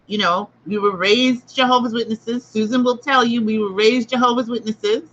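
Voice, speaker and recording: A woman's voice: on the high side, steady tone, moderate pace, a bit bright, dull audio. A woman hosting a livestreamed spiritual book discussion, emphatic and repetitive as she makes her points. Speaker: host.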